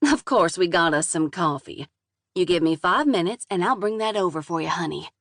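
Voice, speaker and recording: A woman's voice: lowish voice, expressive, normal speed, a bit bright, no room sound, clean studio sound. A woman voicing a cheery middle-aged waitress with a folksy Southern US drawl who calls people sugar and honey. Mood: chirpy.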